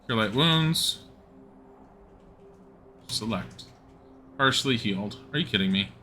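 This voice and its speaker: A man's voice: lowish voice, animated, takes it slowly, pushed and bright, slight background noise. A man streaming a game live, giving wry, casual commentary that swears now and then and reads menu choices aloud.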